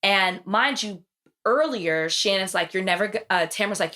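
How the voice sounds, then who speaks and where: A woman hosting a podcast, retelling TV episodes in casual chat and acting out the quotes. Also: moderate pace. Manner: animated storytelling, acts out quotes with big pitch jumps. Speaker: podcast host.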